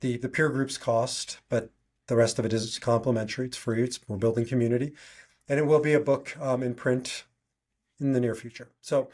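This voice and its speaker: A man's voice: medium pitch, level tone, normal speed, darkish tone. A man hosting a solo podcast, talking earnestly and conversationally with frequent restarts. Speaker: podcast host.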